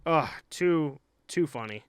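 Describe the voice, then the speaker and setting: A man's voice: on the high side, lively intonation, slow, smooth, no room sound. A young man co-hosting a hockey podcast, rambling casually with lots of fillers and swearing. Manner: loose, profane, rambling with many fillers. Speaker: podcast co-host; hockey goalie.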